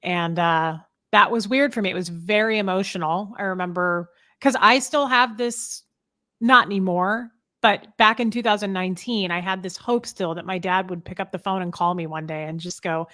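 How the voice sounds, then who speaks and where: A woman's voice: mid-range voice, normal speed, pushed and bright. Emotional rambling woman. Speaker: guest. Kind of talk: casual interview talk.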